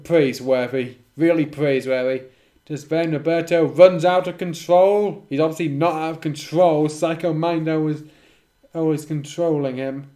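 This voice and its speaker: A man with a fairly high, mellow voice reads a fan story aloud at normal speed, his intonation mostly even. He keeps breaking off to make sarcastic, wry remarks about the writing, acting as both reader and commentator.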